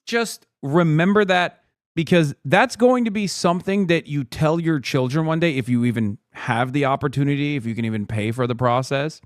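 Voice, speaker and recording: A man's voice: a little high, moderate pace, no room sound, studio quality. Sarcastic, profane male streamer. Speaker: live streamer host. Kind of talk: casual commentary reacting to a news clip.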